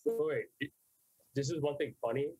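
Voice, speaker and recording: A man teasing his co-host in loose comedy podcast banter, jumping in with quick jabs whenever he sees a punchline. His voice sits a bit high and has a slightly husky grain. The sound is dry and close to the mic. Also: dark tone, dry recording, poor audio.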